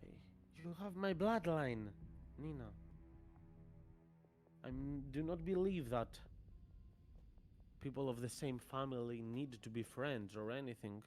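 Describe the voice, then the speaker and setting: Game master playing proud male kinsman, stern, measured, mid voice. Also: medium pitch, a little mellow, faint music behind, lightly acted. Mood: stern lecturing. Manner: measured, lecturing. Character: proud male blood relative, stern and skeptical.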